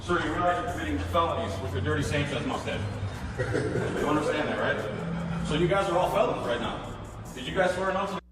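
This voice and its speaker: A combative man citing laws and court cases, his slightly high voice heard from a distance. His voice echoes through a large reverberant hall, with music clearly playing underneath. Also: fairly quick. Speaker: citizen confronting officials. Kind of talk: confrontational self-filmed encounter. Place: county meeting room and hallway.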